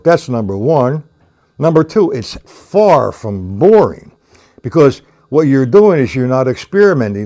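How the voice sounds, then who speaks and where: A man's voice: on the high side, dark tone. A man teaching drums on a live stream, chatting with viewers by name and counting rhythms aloud as he demonstrates. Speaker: drum teacher. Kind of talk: live-streamed lesson, answering chat.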